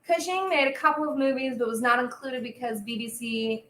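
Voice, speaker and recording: A woman's voice: a little high, fairly even intonation, a little fast, fairly bright tone, slight background noise. A young woman hosting a casual livestream while she bakes, chatty and bubbly with frequent fillers. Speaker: host and singer. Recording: echoey room with faint ambience.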